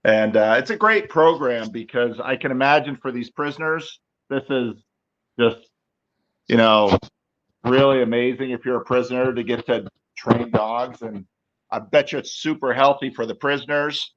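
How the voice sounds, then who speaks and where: A man's voice: medium pitch, normal speed, a bit bright. A man in casual chat, jokey and affectionate, laughing often. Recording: dull call audio.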